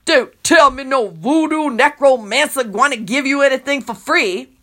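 A woman's voice: high-pitched, moderate pace, bright, forceful tone. A woman voicing a fierce, bossy voodoo queen who hisses and scolds in clipped dialect. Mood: urgent. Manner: hissing, bossy, dialect grammar.

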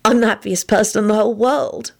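A woman reading aloud and voicing a young woman in love, high, breathy and emotional, excitable and stubborn. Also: fairly quick.

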